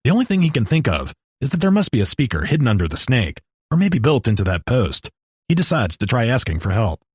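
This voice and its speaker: Guy reading a story out loud, husky, kinda low, muffled dry audio. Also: big pitch swings, fast, dry recording. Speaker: narrator.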